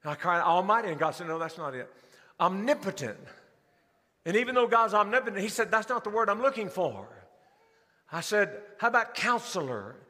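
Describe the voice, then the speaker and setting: A man preaching a sermon in a large church, his voice high and bright. He swings between quick bursts and slow, drawn-out stressed words. The sound carries a long hall reverb. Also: big pitch swings. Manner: preaching with rising emphasis and slowed, stressed phrases. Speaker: pastor.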